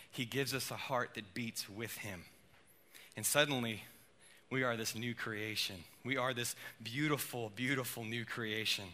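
A male preacher delivering a sermon with a very bright, slightly high voice. He is animated, acting out quoted lines with sudden loud bursts. Then he sinks into quiet, low, intimate passages.

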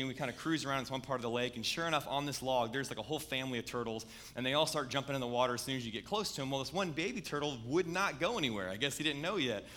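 A man's voice: medium pitch, bright, forceful tone. A man, preaching a sermon in a conversational, storytelling way. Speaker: pastor.

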